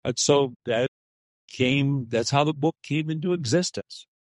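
Halting older pastor on a call. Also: male voice, mid-range voice, no room sound. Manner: slow, halting, with many fillers and restarts. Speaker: author and retired pastor. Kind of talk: remote interview. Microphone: video or phone call.

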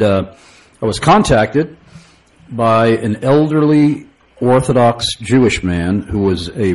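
Low-voiced radio host. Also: male voice, a little mellow, slightly rough, rough recording. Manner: hesitant with frequent uh fillers, chuckling asides. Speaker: radio talk show host. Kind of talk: call-in radio talk show.

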